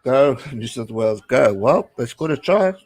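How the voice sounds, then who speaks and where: A South African man in his late twenties gives loose, chatty commentary as he watches a match live. He gets excitable and cheers at the screen. His voice sits at an everyday middle pitch. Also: moderate pace, poor audio. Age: late 20s. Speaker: live-stream host. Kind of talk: casual watch-along commentary.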